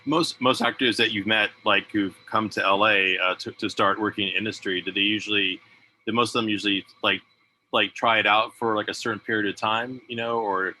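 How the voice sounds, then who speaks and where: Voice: mid-range voice, fairly even intonation, brisk, a little hiss or hum, low-quality recording. A podcast host asking questions in a casual interview, often murmuring agreement. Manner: frequent soft backchannel agreement.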